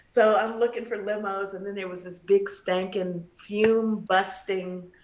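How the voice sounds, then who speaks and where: A woman, a guest vocalist, telling a lively story over a video call and acting out the people she quotes. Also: mid-range voice, measured pace, roomy sound. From United States, Texas and California. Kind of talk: storytelling in casual interview.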